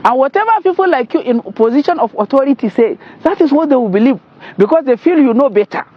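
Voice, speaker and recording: A man's voice: very high voice, lively intonation, quick pace, a little hiss or hum. A Nigerian man commenting on a clip, translating it line by line and scolding indignantly. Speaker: political commentator. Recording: dull lo-fi sound.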